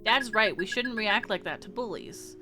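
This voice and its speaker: A woman reading the part of a cautious, reasonable teenage girl aloud from a visual novel, in a calm, reasoning manner. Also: mid-range voice, moderate pace, lightly acted. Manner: calm, reasoning, mildly preachy. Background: game music.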